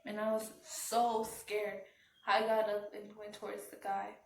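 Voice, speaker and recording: Flat-voiced woman in a roomy space. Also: mid-range voice, gravelly, slight background noise. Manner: halting, subdued retelling with restarts. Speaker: vlogger. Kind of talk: personal storytime. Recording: roomy, from some distance off the mic.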